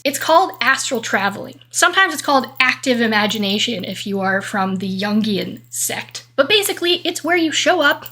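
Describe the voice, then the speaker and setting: A woman's voice: sits high, fairly bright tone, slightly rough. A woman giving a monologue rant, talking emphatically and a bit aggressively, swearing freely. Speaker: vlogger.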